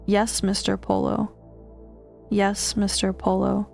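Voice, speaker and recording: A woman voicing a sullen, sly male demon bound to a master, grudging and bitter, with some gravel in her voice. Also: medium pitch, completely flat delivery, slow, a little mellow, faint music behind. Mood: humbled. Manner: bitter, grudging, then smug.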